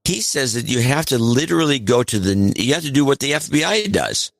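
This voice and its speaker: A man's voice: mid-range voice, big pitch swings, brisk, creaky, no echo, studio quality. A man co-hosting a podcast in casual political chat, emphatic and repeating words for stress. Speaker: podcast co-host.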